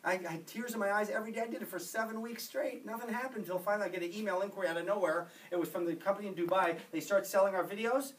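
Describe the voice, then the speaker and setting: Fast-talking preachy motivational speaker man. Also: sits high. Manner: energetic, preachy and emphatic with repeated phrases. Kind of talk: motivational talk to an audience. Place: office meeting room. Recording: distant mic in a room.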